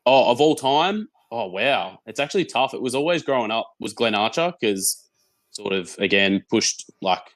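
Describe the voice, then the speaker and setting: A young Australian man, a podcast guest, chatting casually and telling animated stories, often repeating words as he goes. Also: mid-range voice, moderate pace, dry recording. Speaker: guest, football content creator.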